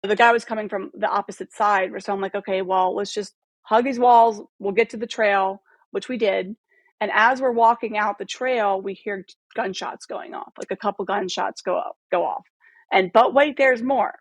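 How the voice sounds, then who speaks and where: A woman's voice: medium pitch, moderate pace, no echo. Thirties woman spilling a wild story on a podcast, swears a lot, does all the voices, dry sound. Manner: animated storyteller, swearing freely, acting out quoted dialogue. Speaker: podcast guest, photographer and former model. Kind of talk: casual storytelling in a podcast interview.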